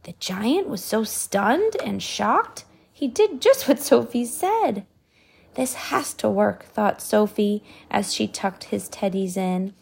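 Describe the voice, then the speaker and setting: Woman reading a bedtime picture book to a child; unhurried, husky, slightly high. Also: big pitch swings. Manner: slow, soft storytelling with whispered asides. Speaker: parent reading aloud.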